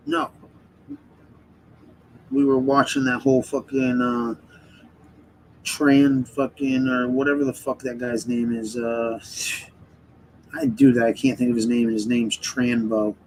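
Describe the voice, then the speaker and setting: A man's voice: mid-range voice, fairly even intonation, slow, pauses often, a little mellow, a little hiss or hum, poor audio. A man hosting a livestream in casual chat, rambling and swearing heavily as he rants. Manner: rambling and profane, heavy swearing; heated ranting. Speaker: livestream host.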